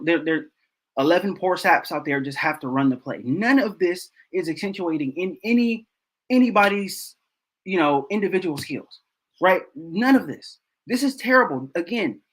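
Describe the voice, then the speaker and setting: A man's voice: high-pitched, a bit bright, rough recording. A man hosting a football film breakdown, talking casually and repeating himself in exasperation.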